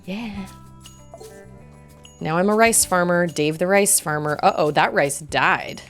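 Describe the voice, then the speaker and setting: A fairly low-voiced woman from Utah chats and rambles while she streams a game, laughing often between thoughts. She enunciates every word, with hard R's. Faint game music plays behind her. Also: moderate pace. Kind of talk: casual chat while playing a game.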